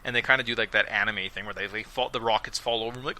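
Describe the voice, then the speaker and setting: Bright, sarcastic male podcast host. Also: lowish voice, racing, rough recording. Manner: sarcastic, animated storytelling with mocking quoted voices. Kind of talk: casual podcast recap.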